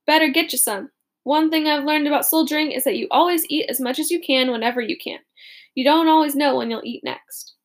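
A woman's voice: sits high, fairly quick, voice pushed up. A woman voicing a friendly young male soldier who gives easygoing advice in a storybook reading.

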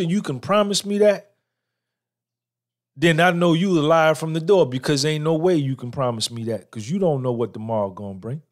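Blunt slang-heavy male podcast host. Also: fairly high pitch. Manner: asks for agreement with "right?". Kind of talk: casual podcast monologue.

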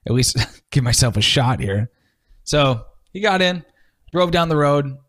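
Male radio co-host, relaxed and joking, mid-pitched, easygoing delivery. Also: unhurried. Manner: laid-back, teasing, trails off mid-sentence. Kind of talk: casual chat.

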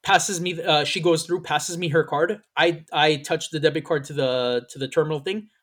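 A man hosting a podcast, telling a story in casual chat, animated and swearing freely as he acts out what people said. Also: fairly high pitch, moderate pace. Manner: animated, profane, acts out quoted lines. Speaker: podcast host.

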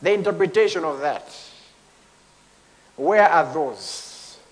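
A man preaching a sermon with passion, moving from hushed tones to shouting and at times speaking in tongues. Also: a little high, lively intonation, slow pace, big-room sound. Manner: impassioned, swings between hushed and shouting.

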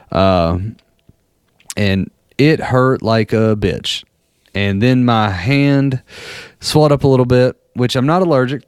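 A man's voice: on the low side, clear, resonant tone, dry recording, clean studio sound. A man in his thirties or forties casually telling rambling, profane stories and laughing at them as he goes. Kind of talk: casual storytelling chat.

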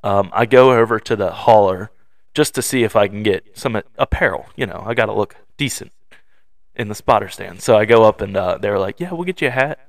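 A man's voice: fairly low pitch, brisk, dry recording, clean studio sound. A young man co-hosting a podcast, telling stories in a loose, casual way with lots of fillers. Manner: storytelling, acting out quoted voices; loose, filler-heavy delivery. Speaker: podcast co-host. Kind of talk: casual chat.

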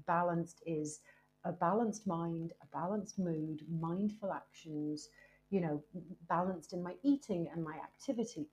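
A woman speaking as a guest in a candid podcast conversation, lively and emphatic, with many "you know" fillers. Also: fairly low pitch. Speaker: guest, presenter and author.

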